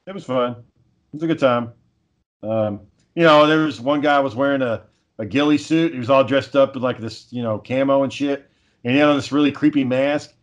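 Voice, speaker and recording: A man's voice: mid-range voice, a little fast, lo-fi sound. A man in casual chat, telling stories in a laid-back way, swearing often and chuckling.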